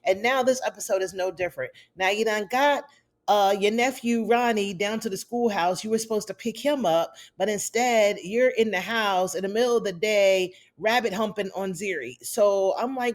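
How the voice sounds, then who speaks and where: A woman's voice: medium pitch, moderate pace. A woman giving a casual, opinionated recap of a TV episode and talking straight to her viewers. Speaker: TV recap reviewer.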